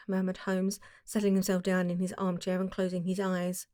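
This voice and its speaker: A woman narrating an audiobook in a measured, descriptive reading. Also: fairly low pitch, flat delivery, a little mellow, no echo, clean studio sound. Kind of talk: scripted narration.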